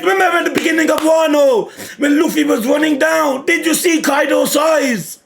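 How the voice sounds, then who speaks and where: Reading a manga chapter live, a man reacts by swinging between loud, excited shouting and low muttering as he reads along. His creaky voice moves at a moderate pace with hardly any pauses.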